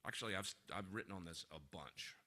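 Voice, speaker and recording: A middle-aged man giving a lively teaching talk at a church retreat, acting out little quotes and restarting his sentences as he goes. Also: sits low. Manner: fast, animated, with frequent restarts and acted-out quotes.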